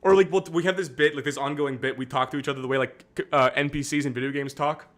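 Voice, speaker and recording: A young man talking through a live stream in a loose, rambling way, full of fillers and self-corrections. His voice sits at an everyday middle pitch. He sounds candid and a little self-deprecating. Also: fairly even intonation, fast talker, fairly bright tone. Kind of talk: casual political commentary stream.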